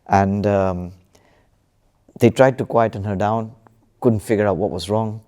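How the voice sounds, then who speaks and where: A man telling a story in a relaxed spiritual panel discussion, with plenty of fillers and restarts. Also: lowish voice, unhurried. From United Kingdom. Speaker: panel speaker.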